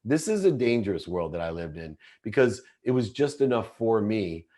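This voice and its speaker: A man's voice: on the low side, sing-song, moderate pace, mellow. A middle-aged man, a podcast guest, telling a personal story in an earnest, intense way and often restarting mid-sentence. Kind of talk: confessional storytelling in an interview.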